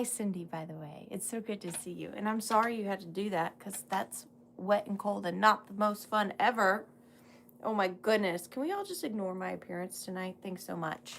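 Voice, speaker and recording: A woman's voice: medium pitch, a bit bright, a little hiss or hum. A woman hosting a live vintage sale stream, chatty and effusive, often apologizing and gushing over her viewers. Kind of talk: live-stream sales chat.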